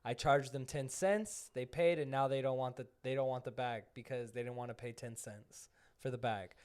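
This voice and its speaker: A young man co-hosting a podcast, telling stories in an animated casual way and laughing often. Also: mid-range voice, moderate pace, clean tone. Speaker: podcast co-host. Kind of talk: casual chat.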